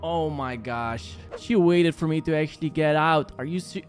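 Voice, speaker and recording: A man's voice: on the high side, normal speed, faint music behind. A young man hosting a gaming channel, giving jumpy, exclaiming commentary on a horror game and talking to his viewers.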